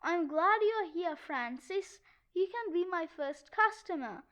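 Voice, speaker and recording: A woman's voice: very high voice, takes it slowly, highs cut off, full character voice. A woman voicing a brash, boastful sixth-grade boy in a children's book read-aloud. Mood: cocky. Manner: cocky, excitable.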